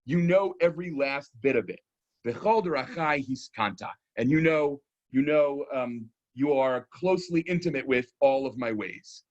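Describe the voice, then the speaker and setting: A man, lecturing as a rabbi on a psalm in a thoughtful, explanatory way, often pausing with "um" and checking in with "right?". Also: mid-range voice, animated, highs cut off. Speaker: rabbi teaching a keynote lecture.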